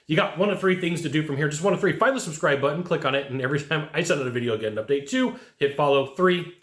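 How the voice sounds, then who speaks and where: A man's voice: fairly high pitch, quick pace, reverberant. A man who works as a sales coach, giving an earnest, emphatic motivational talk straight to his viewers. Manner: earnest, emphatic, quotes others in a raised voice.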